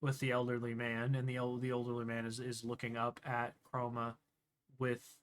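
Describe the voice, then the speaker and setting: A man's voice: medium pitch, completely flat delivery, normal speed, a little hiss or hum. A man narrates a tabletop game as its game master. He wanders through his descriptions, stopping and restarting as he hunts for the right word. His delivery is loose and conversational. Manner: meandering, searching for words mid-sentence.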